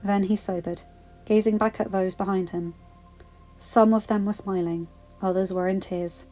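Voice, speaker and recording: A woman reading a fan fiction story aloud in a calm, even manner. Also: medium pitch, moderate pace, dull audio, faint music behind. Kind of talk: audiobook narration.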